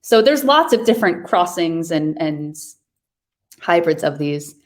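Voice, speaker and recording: A woman's voice: on the low side, big pitch swings, a little slow. A woman from New York hosting a virtual wine tasting over a video call, chatting casually and describing wines with enthusiasm.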